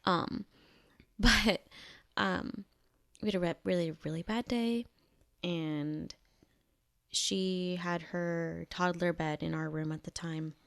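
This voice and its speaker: A young woman co-hosting a casual podcast chat, with a low pitch and a gravelly fry in her voice. She talks in a reflective, hesitant way and pauses often as she thinks. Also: fairly even intonation. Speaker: podcast co-host.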